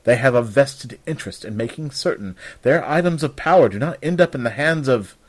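A man's voice: medium pitch, lively intonation, voice pushed up, lightly acted. A man doing a solemn old scholar mage. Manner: measured, solemn, polite. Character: old, formal, courteous male scholar mage.

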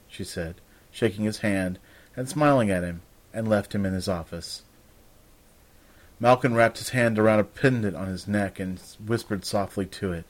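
A man narrating a fantasy story in a calm, even storytelling manner. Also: on the low side, moderate pace.

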